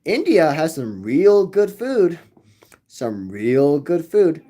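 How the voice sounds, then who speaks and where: A livestream host speaks slowly in a mellow, sing-song voice that sits a little high. Reading and answering chat, he rambles on and repeats the same phrases again and again.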